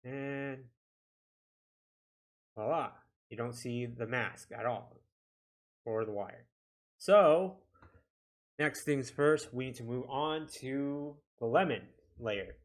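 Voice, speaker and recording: A man giving a casual software tutorial, talking himself through each click with a chatty, self-deprecating manner. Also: mid-range voice, slow. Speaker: video editing instructor.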